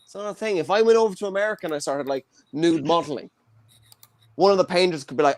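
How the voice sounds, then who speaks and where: A man's voice: a little high, fast talker, dry recording. An Irish man in his twenties hosting a live online comedy show from his childhood bedroom over a video call, with a joking, chatty stand-up delivery. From Ireland. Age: 20s. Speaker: host.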